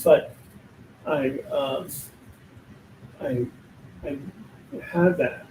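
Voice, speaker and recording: A man's voice: mid-range voice, extremely slow, a little mellow. A man working as a spiritual medium, talking casually in an emphatic, blunt and joking way. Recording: echoey room, distant mic, faint noise.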